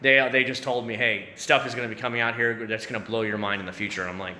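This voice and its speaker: A YouTube streamer in his thirties from Central Florida answers his chat casually, his talk rambling and packed with fillers and restarts. His medium-pitched voice is bright and forceful, quick and with few pauses. Echo and faint background noise color the recording.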